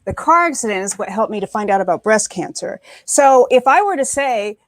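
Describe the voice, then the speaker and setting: A woman's voice: medium pitch, lively intonation, fairly quick, dry recording. A woman on a panel, talking with emphasis and repeating words for stress, heard over a video call. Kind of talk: animated panel discussion.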